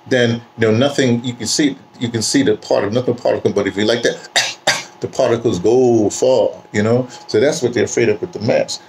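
A man's voice: lowish voice, a little mellow, a little hiss or hum. A man talking to camera in a casual, rambling monologue, repeating words and saying "you know" often, in a home setting. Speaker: vlogger.

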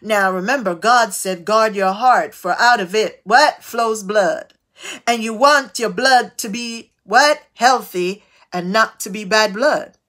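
A woman preaching a devotional sermon, tossing out call-and-response asides with sudden swings of pitch and loudness. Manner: slow, drawn-out delivery.

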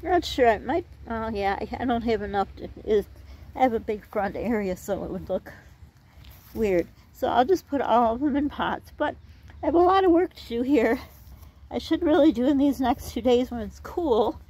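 A woman's voice: on the high side, animated, normal speed, mellow. A middle-aged woman chatting in a rambling way while gardening outdoors for her vlog, out of breath. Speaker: vlogger.

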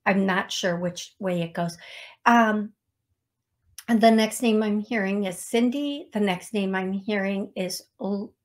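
A woman hosts a psychic medium live stream, speaking slowly and unhurriedly. Her voice sits at a middling pitch, and her talk is chatty and self-deprecating, with little laughs at her own expense. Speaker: psychic medium show host. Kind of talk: live-stream talk show, reading out names. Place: talking to viewers on a live stream.

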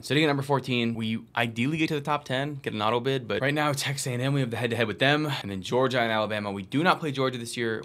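A man giving live commentary while playing a college football video game, muttering plays to himself and bursting into loud excited yells and swearing. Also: medium pitch. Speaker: gaming video creator.

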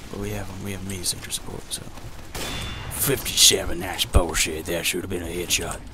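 A man putting on a strained gruff deep-voiced narrator. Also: moderate pace, pauses often, lightly acted. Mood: grumbling. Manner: mutters and swears while playing, addresses "folks". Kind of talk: gameplay commentary in a put-on voice. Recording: steady background noise with keyboard typing.

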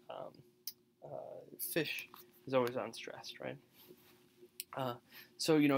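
A man giving a recorded poetry lecture, halting with many fillers and often checking in with "right?". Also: mid-range voice, creaky, a bit bright.

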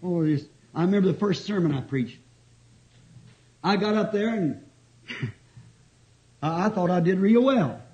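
A man's voice: high-pitched, lively intonation, a little slow, pauses often, mellow. A man, preaching a fervent sermon to a congregation, exclaiming and chuckling between points. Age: 50s. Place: church before a responding congregation. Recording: dull old 1960s tape recording.

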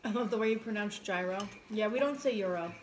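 A woman's voice: medium pitch, quick pace. A young woman co-hosting a casual live stream. She talks about her food with lots of "like" and thanks viewers by name. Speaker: co-host girlfriend. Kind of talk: casual live chat eating on camera.

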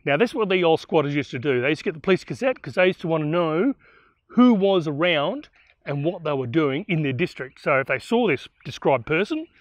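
A man casually retells a historical bushranger tale, animated and full of asides. His voice sits a little high for a man. The sound is dry and close. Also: no echo. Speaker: storyteller. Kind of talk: spoken historical storytelling.

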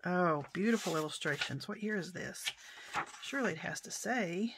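A woman chatting through an unboxing of her mail haul, softly spoken, often exclaiming in delight and sometimes slipping into a whisper. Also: lowish voice, moderate pace, noisy background. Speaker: vlogger showing a mail haul. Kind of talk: casual unboxing chat.

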